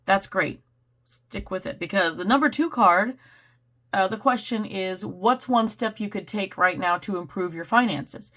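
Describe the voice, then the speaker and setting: A woman giving a casual, rambling tarot reading, slightly hoarse, clearing her throat and laughing often. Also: mid-range voice, measured pace, fairly bright tone. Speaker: tarot reader.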